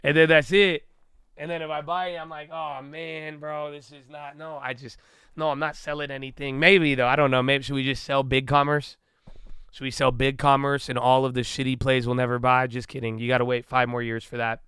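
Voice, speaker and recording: A man's voice: mid-range voice, little pitch movement, fairly quick, bright, forceful tone, clean tone, no room sound, studio quality. A young man hosting a casual livestream, talking animatedly, swearing freely and acting out his own inner dialogue. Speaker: livestream host.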